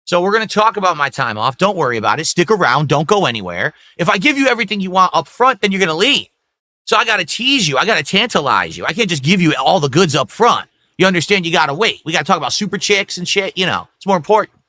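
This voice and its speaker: A man's voice: high-pitched, very animated, fast talker, bright, forceful tone, no echo. A man streaming, talking casually in a teasing, coaxing way with crude language. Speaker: streamer in a played clip.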